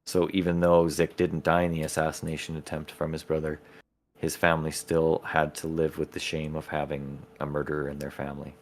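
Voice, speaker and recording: A man's voice: a bass voice, slight background noise. A man, the game master of a tabletop campaign, explaining his setting's lore in casual podcast chat.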